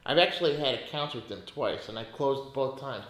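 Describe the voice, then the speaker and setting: A man's voice: mid-range voice, animated, normal speed, a bit bright, roomy sound. A man hosting a casual podcast about money, talking bluntly and ranting with lots of swearing. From United States. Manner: profane and blunt, rants in bursts. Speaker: podcast host.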